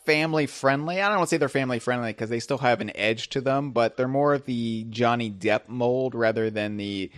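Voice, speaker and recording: A man's voice: mid-range voice, fairly quick, hardly any pauses, dry recording, clean studio sound. A man hosting a casual podcast, joking and rambling with plenty of fillers. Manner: jokey, rambling, filler-heavy. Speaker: podcast host.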